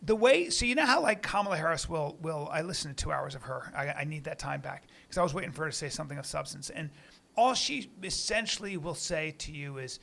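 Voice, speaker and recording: Male podcast host, raspy vocal fry, halting, agreeable conversational delivery. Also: fairly high pitch, animated, a bit bright. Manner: agreeable, halting, many restarts.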